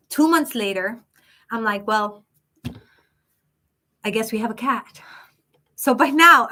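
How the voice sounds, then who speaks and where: A woman hosting a live psychic stream, chatting casually and telling stories in an animated way. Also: on the high side.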